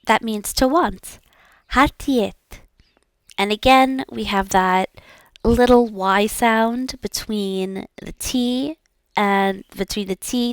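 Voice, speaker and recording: A woman's voice: on the high side, no echo, studio quality. A woman practicing pronunciation, repeating each word several times and then explaining the sounds in a modest, encouraging way. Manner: self-effacing and encouraging. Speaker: language learner practicing aloud.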